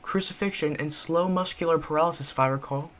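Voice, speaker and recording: A man's voice: on the high side, steady tone, fast, fairly bright tone, close to an everyday voice. Dash, a man doing a prim British barista. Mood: grave. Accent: put-on British. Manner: stiffly polite and formal. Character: formal, courteous young male barista. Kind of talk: reading a visual novel aloud.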